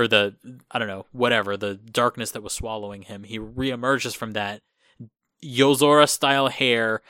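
A man hosts a casual podcast chat, rambling with lots of fillers and restarts. His voice is on the low side with a sharp tone, captured in a dry, studio-quality recording.

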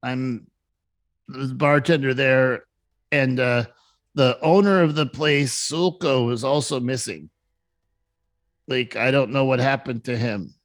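Brief: man voicing a timid woman bartender, apologetic and hesitant, pitched up. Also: slow, pauses often, no echo, lightly acted. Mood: shaken. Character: nervous young woman bartender, shaken survivor.

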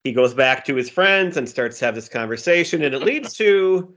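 A man's voice: mid-range voice, lively intonation, normal speed, a bit bright. Man recapping a movie scene by scene. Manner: recaps scenes, quotes lines playfully. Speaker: podcast co-host. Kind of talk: casual movie discussion.

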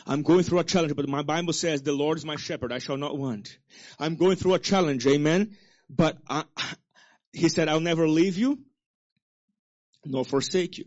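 A male pastor preaching a sermon with call-and-response to the congregation, swinging between loud exhortation and soft low asides. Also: brisk. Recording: dull lo-fi sermon recording.

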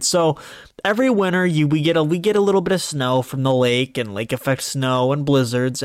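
A young man in his twenties, from Northeast Ohio, talks on his own podcast in a fairly high voice that swings up and down a lot. His telling rambles along in an animated, chatty way. The sound is dry and close, with no room echo. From Northeast Ohio, USA. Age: 20s. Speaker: podcast host. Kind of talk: casual solo podcast monologue.

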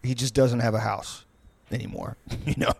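A man's voice: mid-range voice, steady tone, normal speed, gravelly, a little mellow, slightly rough. A man telling a story on a podcast, rambling and profane with many fillers. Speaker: podcast co-host. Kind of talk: casual storytelling.

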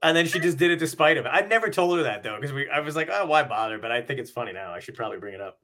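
A bright, sharp-voiced man hosting a casual chat. He tells rambling stories and swears freely. He acts out other people's lines along the way. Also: fairly high pitch, expressive, racing. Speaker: podcast host, comic.

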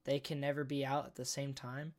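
Young dude rambling on a podcast, swears a lot, says like constantly. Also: male voice, mid-range voice, little pitch movement, fairly quick. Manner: rambling, swearing, lots of fillers. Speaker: podcast co-host. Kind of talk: casual chat.

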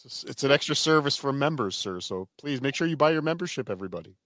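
A man putting on the voice of a formal, dutiful male stream assistant who calls everyone sir, speaking low and quick. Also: animated, a bit bright, dry recording, studio quality, lightly acted. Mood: deferential. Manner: stiff, formal, always ends with sir.

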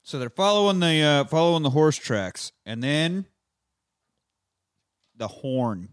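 A man's voice: a little high, big pitch swings, unhurried, clean tone. A young man hosting a podcast, casually retelling a film with lots of fillers and swearing. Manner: rambling, profane, uses many fillers. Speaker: podcast host.

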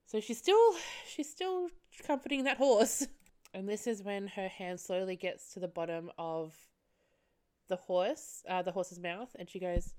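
A young woman recapping a film solo on her podcast, chatty and profane with frequent laughs. Her voice is smooth and clear, at an ordinary middle pitch for a woman. She rambles loosely and goes off on animated tangents. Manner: chatty, sweary, laughs often, animated asides. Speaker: podcast co-host, film reviewer. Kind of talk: casual solo podcast review.

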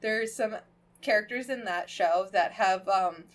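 A woman's voice: mid-range voice, unhurried. A young woman co-hosting a podcast, chatting casually, swearing freely and filling her talk with "like". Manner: swearing, laughing, lots of "like" fillers. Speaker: podcast co-host. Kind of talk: casual chat.

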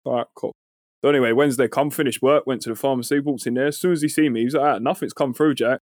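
Animated man, thirties, dry close sound. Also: medium pitch, rapid-fire, dry recording. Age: 30s. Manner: animated, swears freely, acts out quoted voices. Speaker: podcast co-host. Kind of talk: casual storytelling chat.

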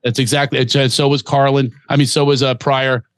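An older male comedian, a guest on a podcast, telling animated stories in casual chat. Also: mid-range voice, brisk, no echo. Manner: animated storyteller who acts out voices.

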